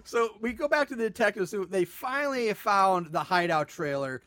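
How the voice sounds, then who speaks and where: A man hosting a casual podcast, recapping a movie with animated sarcasm and frequent swearing. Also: high voice, a little fast.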